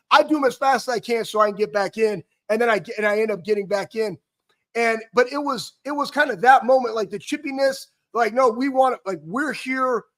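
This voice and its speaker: A man co-hosting a sports talk show, telling a rambling, animated story about his playing days with many restarts. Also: sits high. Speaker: co-host, former football player.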